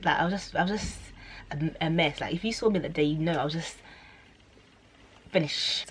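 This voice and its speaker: A woman's voice: a little fast, pauses often, slightly rough. A young woman telling a story to camera in a chatty, rambling way, full of fillers and self-corrections. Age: young adult. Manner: acts out quoted voices with sudden high squeals. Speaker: vlogger.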